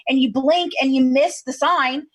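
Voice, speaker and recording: Woman, fairly high voice, chatty storyteller, podcast guest on a video call. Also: moderate pace, a little hiss or hum. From Kentucky. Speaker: true crime podcast co-host. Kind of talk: casual interview chat.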